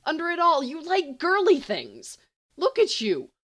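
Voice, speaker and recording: A woman's voice: on the low side, animated, measured pace, fairly bright tone. A woman reading a flustered, boastful young man. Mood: giddy, boastful. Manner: flustered then giddy boasting. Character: young male student, bumbling and boastful. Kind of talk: amateur audiobook reading.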